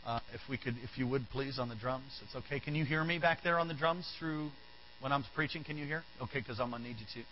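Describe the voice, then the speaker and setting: A man's voice: medium pitch, fast, muffled recording, a little hiss or hum. A man preaching a sermon, telling a Bible story with acted-out voices and asides. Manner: animated, acts out characters, talks to the band. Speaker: pastor. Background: soft band music.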